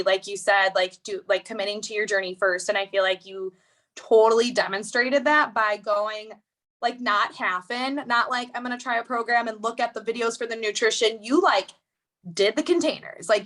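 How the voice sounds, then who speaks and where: A woman hosting a casual live stream, her voice bright and a touch high. She speaks enthusiastically and encouragingly, with plenty of "like"s. Her voice comes through a video-call mic. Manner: enthusiastic, encouraging, many likes. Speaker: host, coach.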